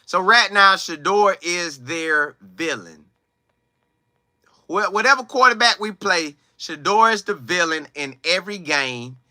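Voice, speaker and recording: Lively high-voiced man ranting. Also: unhurried, no room sound, studio quality. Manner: animated, emphatic, slangy storytelling. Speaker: sports commentator. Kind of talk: casual commentary vlog.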